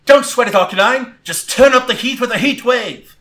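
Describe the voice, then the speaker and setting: A man's voice: very high voice, normal speed, voice pushed up. A man voicing a cocky fire-type gym leader woman. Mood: confident commanding. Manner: loud taunting commands.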